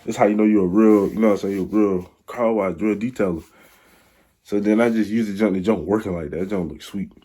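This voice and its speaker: A man's voice: on the low side, fairly even intonation, fast, dark tone, slightly rough. A young man telling a rambling, slang-filled story in a casual storytime vlog. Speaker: vlogger.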